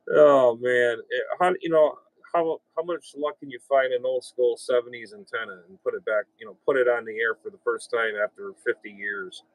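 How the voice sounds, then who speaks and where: A man's voice: mid-range voice, steady tone, moderate pace, dry recording, poor audio. A man around fifty with a blunt, rambling way of talking, chatting casually on the radio from his home station. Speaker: radio operator and channel host.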